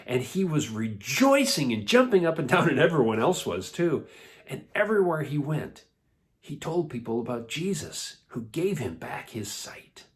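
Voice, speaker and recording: Man, children's church teacher, playful storytelling, animated pitch. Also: normal speed. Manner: animated, playful, laughs often.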